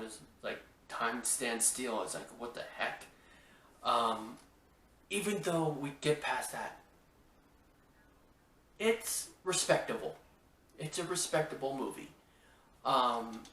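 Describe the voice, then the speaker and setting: Slow-talking man in an echoey room. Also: medium pitch, bright, forceful tone. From Washington State. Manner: rambling, exclamatory, stammers on restarts. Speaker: podcast host. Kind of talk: casual movie review chat. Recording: roomy echo, mic at a distance.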